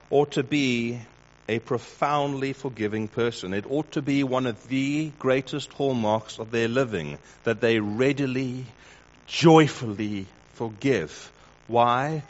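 A man preaching a sermon in a measured way, with wry mock-dramatic asides. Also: medium pitch. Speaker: pastor. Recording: dull lo-fi recording.

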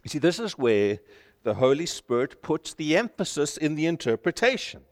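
A man's voice: a little high, very animated, a little fast. Emphatic preacher man in a reverberant hall. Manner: emphatic, rising to forceful declarations. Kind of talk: sermon.

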